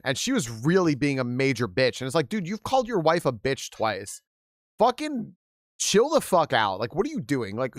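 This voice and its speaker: A man's voice: mid-range voice, a bit bright, no room sound, studio quality. A male game streamer chatting casually and reading stories aloud to his viewers, candid and profane, with laughing asides.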